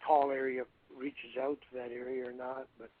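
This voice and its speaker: An older man, a retired wrestler, guesting on a radio interview and talking in a rambling, halting way. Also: medium pitch, little pitch movement. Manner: rambling, halting, calls hosts "brother". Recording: tinny phone line.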